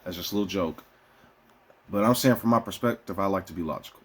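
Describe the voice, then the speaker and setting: A man rants casually to his viewers, swearing often and drifting from topic to topic. His voice sits a little on the low side. He moves between hot, loud stretches and quiet, subdued musing. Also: fast, slightly rough. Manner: profane, rambling, shifts from heated to subdued. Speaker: vlogger. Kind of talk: casual rant to camera.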